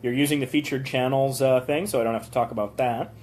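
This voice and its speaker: A man's voice: mid-range voice, fairly even intonation, fast, darkish tone. Chatty man giving channel reviews. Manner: chatty, rambling, with frequent ums and small rants. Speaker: host reviewing viewers' channels. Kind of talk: casual live-stream commentary. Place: motel room. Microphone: phone.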